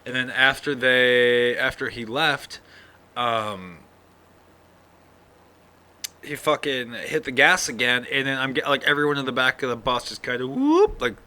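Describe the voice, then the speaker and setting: A man's voice: mid-range voice, steady tone, a little slow, pauses often, bright, forceful tone, smooth. A man hosting his own podcast, talking casually and sleepily in a rambling, profane monologue. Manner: rambling, yawning, profane, full of fillers. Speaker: podcast host.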